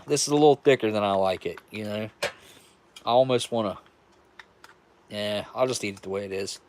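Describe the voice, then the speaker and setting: A man's voice: on the low side, a little fast, long pauses, darkish tone. A man from West Virginia with a West Virginian accent, chatting casually and rambling with restarts on a live stream. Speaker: livestream host.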